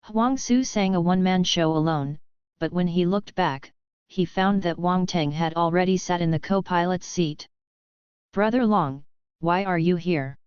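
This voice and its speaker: A woman narrating a translated web novel audiobook at an even, steady pace, in a dull lo-fi recording. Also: lowish voice, moderate pace, clear, resonant tone, no echo. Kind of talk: scripted narration.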